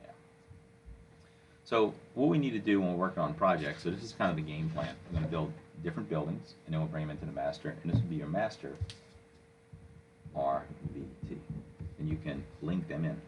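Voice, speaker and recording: A man walking a listener through software step by step, coaching and checking in with "okay?" as he goes. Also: rumbling low, a little fast, pauses often, a little hiss or hum, rough recording. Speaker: software instructor. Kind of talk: screen-recorded software tutorial.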